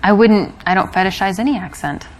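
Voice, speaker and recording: A woman's voice: mid-range voice, brisk, a little hiss or hum, close to an everyday voice, poor audio. A woman playing a poised young woman who turns down advances in a dry, polite, unimpressed way. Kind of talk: game dialogue acting.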